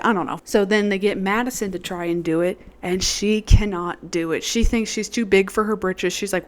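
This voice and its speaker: A woman's voice: medium pitch, normal speed, hardly any pauses. A young woman giving a casual, chatty TV recap, swearing freely and laughing often. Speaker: youtuber.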